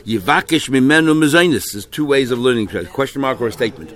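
A man's voice: mid-range voice, fast talker. Guy giving a talmud shiur, lots of hebrew terms, restarts a lot. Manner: mixes Hebrew and Yiddish terms into English, animated, with many restarts. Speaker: Talmud class teacher. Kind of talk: Talmud shiur, explaining texts.

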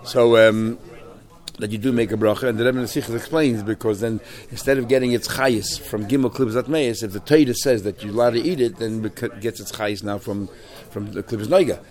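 A man leading a Talmud class, explaining texts in a loose, animated way with many restarts and Hebrew and Yiddish terms. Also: fairly low pitch, brisk. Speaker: Talmud teacher.

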